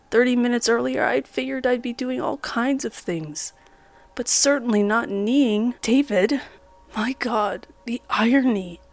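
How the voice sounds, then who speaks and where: A woman reading a first-person horror story in a measured, dramatic way, sometimes dropping into a whisper. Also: on the high side. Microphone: studio condenser mic.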